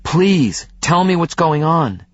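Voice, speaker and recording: A man's voice: medium pitch, big pitch swings, unhurried, slightly rough, no room sound, muffled recording, voice pushed up, full character voice. Male reader plays a frantic grown man begging over the phone, strained, dry close sound. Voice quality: strained, pleading.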